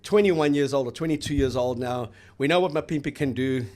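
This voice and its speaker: A man's voice: medium pitch, brisk, darkish tone. A South African man co-hosting a casual rugby chat, telling rambling stories with fillers. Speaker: co-host.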